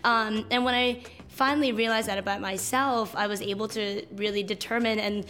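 A woman's voice: mid-range voice, fairly even intonation, normal speed, bright, forceful tone. A woman telling her personal story casually, with fillers. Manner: chatty with fillers. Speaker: interviewee sharing her story.

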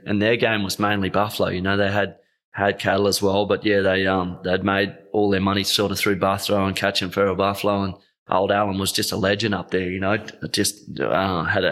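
A man's voice: low voice, little pitch movement, a little fast, fairly bright tone. A young Australian man from the Northern Territory, telling a heartfelt story in a casual interview, choked up, rambling with many fillers. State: choked up, voice catching. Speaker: guest.

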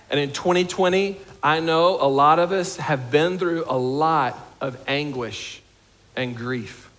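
A man preaching a sermon to a congregation, conversational and humorous, slowing down and dropping soft for emphasis. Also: a little high. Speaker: pastor.

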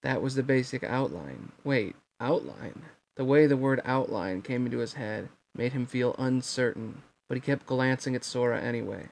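A man reading a novel aloud at a fair clip, a plain, mid-pitched voice that moves steadily through the narration. He stumbles now and then but keeps going. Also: vocal fry. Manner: quick, plain reading with occasional slips.

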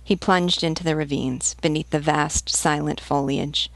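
Audiobook reader, woman, low and gravelly, measured pace, dry close sound. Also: fairly even intonation, dry recording. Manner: measured, deliberate reading. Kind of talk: literary audiobook narration.

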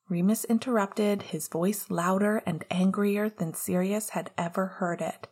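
Hushed, husky woman narrating. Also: medium pitch, fairly even intonation, slow. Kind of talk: audiobook narration of fan fiction.

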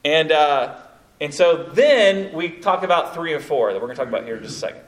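In a church meeting room before a live audience, a man leads an evangelism training session, telling animated stories full of asides like "you know, kind of thing." His voice is on the high side and fairly quick.

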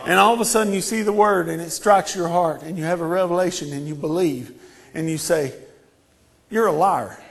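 A man preaching a sermon, moving from quiet storytelling to fervent, shouted declarations with heavy repetition. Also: high voice, steady tone, a little fast, creaky. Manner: impassioned, building to shouted repetitions.

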